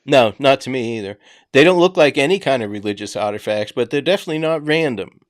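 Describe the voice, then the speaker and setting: A man's voice: mid-range voice, expressive, quick pace, no echo, clean studio sound. A man with a Boston accent, hosting a casual true-crime discussion and talking emphatically. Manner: conversational, emphatic, drops filler words. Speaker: podcast host.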